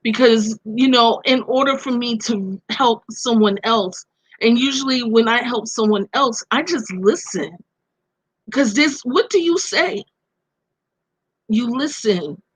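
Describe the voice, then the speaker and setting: A woman's voice: a little high, no room sound, poor audio. A middle-aged woman with a Brooklyn accent, a podcast guest telling personal stories over a video call in an earnest, reflective way. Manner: earnest, reflective, speaks of faith and loss.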